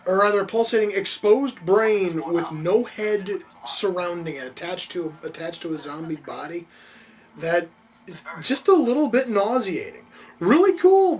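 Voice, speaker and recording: A movie reaction host giving casual commentary, excitable and profane, openly relishing the gore. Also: mid-range voice, a little hiss or hum. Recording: distant mic with faint music behind.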